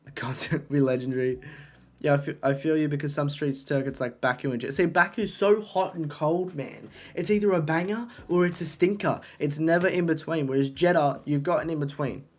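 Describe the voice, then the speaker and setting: An excitable young man chats casually with his live-stream viewers, swearing freely as he reacts. His voice sits a little higher than most men's. He talks into a desk microphone. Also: a little fast. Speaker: livestreamer.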